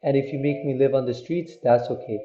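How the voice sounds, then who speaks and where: A simple, devout holy man speaks plainly and earnestly, as a male storyteller voices him. His voice is mellow and dark, close to the narrator's own. The sound is muffled and echoes in a roomy space. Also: mid-range voice, fairly even intonation, a little fast, close to an everyday voice.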